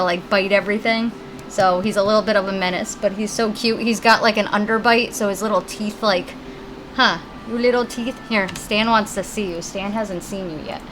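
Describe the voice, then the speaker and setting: A woman's voice: medium pitch, a bit bright, a little hiss or hum, rough recording. A woman live-streaming a video game in casual chat, talking with viewers and her puppies at her computer. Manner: chatty, talks to her puppies between game lines.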